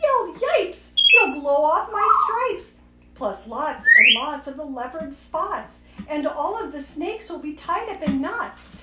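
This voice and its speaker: A woman's voice: high voice, a little slow, few pauses, reverberant, heavy background noise. A woman voicing an alarmed, yelping zebra in a storybook reading.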